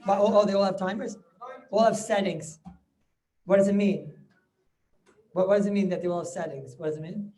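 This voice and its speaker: A middle-aged man, a rabbi, giving an informal class over a video call, halting with many restarts and chuckling as he banters with students. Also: high-pitched, fairly even intonation, dark tone. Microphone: video call microphone.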